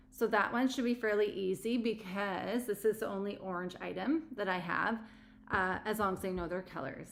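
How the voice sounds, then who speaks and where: A woman's voice: medium pitch, vocal fry, a bit bright. Friendly woman teacher demonstrating. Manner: friendly, slows and stretches words to model them. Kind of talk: demonstrating classroom games.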